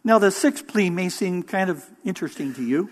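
A man preaching a sermon as interim pastor, measured and emphatic, with pauses for weight. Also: high-pitched, lively intonation.

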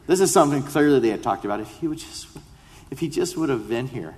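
A man's voice: mid-range voice, lively intonation, fast, darkish tone. A male pastor reading scripture aloud and explaining it in a conversational sermon, building to impassioned appeals. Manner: reads scripture then explains it conversationally, rising to impassioned pleas. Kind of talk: expository sermon. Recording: long hall reverb.

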